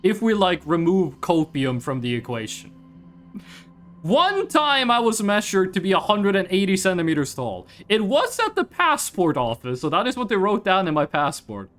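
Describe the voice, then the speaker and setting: A young man from Scandinavia streaming a game, joking and teasing his chat in casual banter. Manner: animated, quick swings in pitch.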